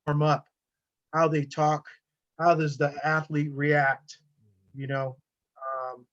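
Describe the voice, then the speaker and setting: Man, wrestling coach, podcast guest, rambling casual storytelling, fillers and restarts, somewhat high pitch, dull lo-fi sound. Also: fairly bright tone.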